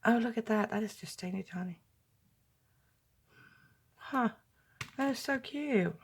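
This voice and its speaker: A woman, a crafting vlogger opening happy mail and gushing softly over each item. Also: a little high, slightly rough. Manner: gushing, slow and soft-spoken. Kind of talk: casual unboxing chat.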